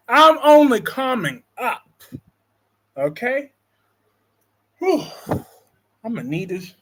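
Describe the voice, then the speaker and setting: Excitable high-voiced man chatting slowly. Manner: excitable, swings from calm to loud anger; reads viewer comments aloud and jokes with chat. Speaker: soap opera talk show host. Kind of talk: casual live-stream chat.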